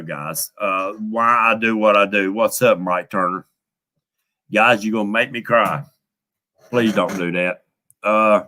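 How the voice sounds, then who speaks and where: Guy on a fishing live stream, lowish voice but bright and punchy, folksy and heartfelt. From United States. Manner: folksy, heartfelt, thanks viewers by name. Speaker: fishing channel host. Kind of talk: casual live stream chat.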